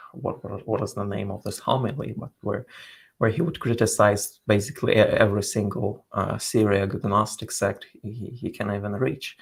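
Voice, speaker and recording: A man speaking as a guest in a scholarly interview, explaining in a halting way as he searches for words. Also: fairly low pitch, gravelly, breathy edge.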